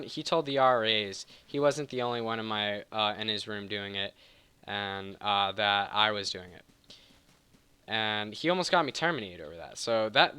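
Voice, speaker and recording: A man with a bright, crisp voice talks through a game while telling a personal story. He rambles, curses casually and keeps backtracking to fix details. The sound is very clean and dry, with no room around it. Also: lowish voice, no room sound. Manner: rambling, self-correcting, heated storytelling; casual and profane. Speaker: gaming channel host. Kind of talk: storytelling over gameplay commentary.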